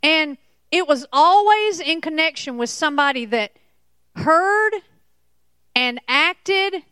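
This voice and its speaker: A woman preaching a Bible sermon, slow and emphatic, repeating key points. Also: sits high, animated, pushed and bright, no room sound. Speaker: Bible teacher.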